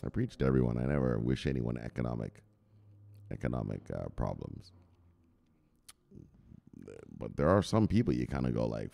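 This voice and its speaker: A man's voice: a bass voice, very animated, moderate pace, vocal fry, long pauses, mellow. A man hosting a crypto channel, giving a coarse, swearing motivational rant and constantly asking "right?".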